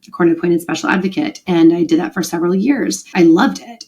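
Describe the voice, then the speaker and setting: A woman's voice: lowish voice, darkish tone. A middle-aged woman hosting her own podcast, talking through a personal experience in an earnest, confessional way with lots of "like" and "I mean". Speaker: podcast host. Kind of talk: personal reflective monologue.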